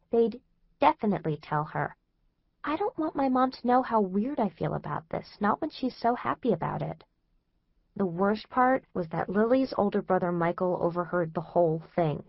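A woman's voice: medium pitch, vocal fry, dry recording, muffled recording. A woman narrating a first-person teen diary in a chatty, anxious, exasperated way. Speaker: audiobook narrator.

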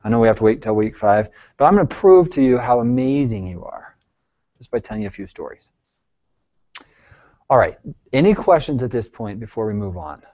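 A male therapist leading a support group, talking earnestly and reassuringly, moving between soft, hushed phrases and emphatic bursts and asking the group many questions. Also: medium pitch, expressive, a little fast, pauses often. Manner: pleading, reassuring, asks the group frequent questions. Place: group session room. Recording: dull lo-fi recording.

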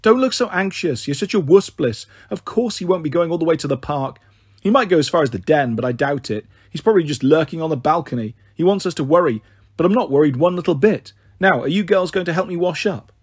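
A man voicing a sharp, bossy girl looking after younger siblings. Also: fairly high pitch, expressive, fairly quick, slightly rough, dry recording, studio quality. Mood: snappish. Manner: snappish, in charge.

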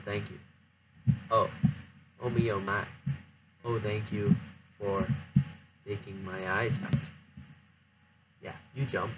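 A man giving casual, self-mocking commentary while playing a game, speaking low and softly and talking to himself. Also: heavy background noise. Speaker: gameplay commentator.

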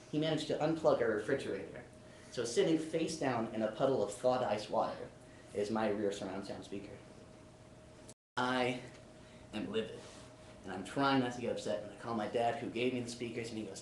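A young man, a student, gives a classroom speech built around a funny personal anecdote. His voice sits at a medium pitch with a somewhat dark tone. The recording sounds roomy, as if captured by a distant camera, with a little background noise.

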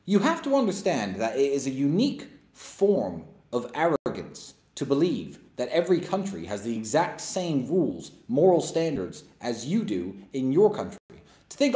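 A man's voice: mid-range voice, huge pitch swings, normal speed, warm tone. A man hosting a live stream, talking bluntly and emphatically in a mocking, opinionated monologue. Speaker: livestream host. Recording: roomy echo.

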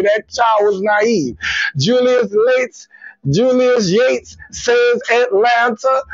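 Brief: male comic host, very high voice, teasing and profane, dry lo-fi stream audio. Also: no room sound. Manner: teasing, profane, laughs often. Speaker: comedian host of a live show. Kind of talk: live-stream trivia banter, reading viewer comments.

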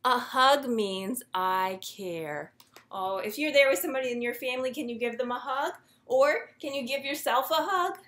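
A young woman, a children's librarian, reading a picture book aloud to little kids in a gentle, sing-song way and inviting them to join in. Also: high-pitched, animated, moderate pace.

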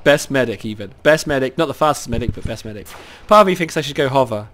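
A man with a cold giving excitable live commentary over his own gameplay, cheering on teammates and talking to himself. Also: mid-range voice, fast. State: has a cold.

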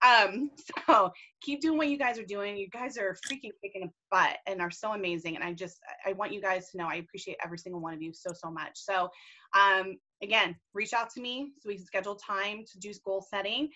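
Bright-voiced, gushing woman on a call. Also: mid-range voice, brisk, lo-fi sound. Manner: enthusiastic, gushing, casual. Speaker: team leader and mentor. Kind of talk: upbeat team video call. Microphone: video call.

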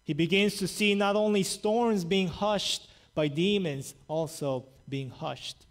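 A male pastor preaching a sermon and retelling scripture stories in a lively, conversational way. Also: high voice, slow. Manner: animated storytelling, paraphrasing scripture conversationally.

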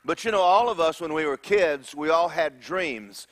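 A male pastor preaching a sermon, animated and joking as he retells a story. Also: a little high, normal speed, dry recording.

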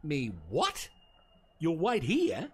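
An actor playing an easygoing, slow-witted security guard with an Australian accent, rambling and hesitant in video game dialogue. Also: male voice, a little high, huge pitch swings, husky, heavily acted. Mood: flustered. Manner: rambling, hesitant, full of slang.

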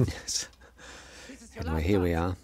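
A middle-aged man giving a relaxed, anecdotal film commentary as the director, with frequent fillers. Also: deep voice, unhurried, a crowd in the background. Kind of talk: DVD audio commentary.

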